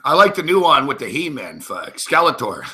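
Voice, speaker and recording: A man's voice: medium pitch, big pitch swings, moderate pace, pushed and bright. A man hosting a sports betting show, talking to himself with profanity and rambling agitation as he places live bets. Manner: talks to himself while placing bets.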